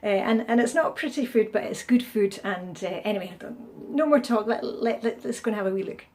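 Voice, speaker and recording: A woman's voice: medium pitch, animated, fairly quick, darkish tone. A middle-aged Scottish woman chatting casually in a travel vlog, with lots of fillers and restarts as she talks to the camera. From Scotland. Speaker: vlogger. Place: restaurant and streets, indoors and out. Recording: noisy background.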